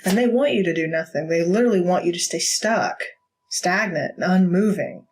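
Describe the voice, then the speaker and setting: A woman's voice: fairly low pitch, normal speed, darkish tone, a little hiss or hum, poor audio. A woman giving a casual tarot reading, blunt and profane, laughing often. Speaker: tarot reader.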